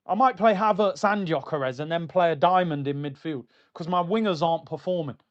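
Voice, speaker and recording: A man's voice: on the high side, a little fast, muffled recording. A man hosting a live football watchalong, ranting in exasperation and reading out chat messages. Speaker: host of a football watchalong stream.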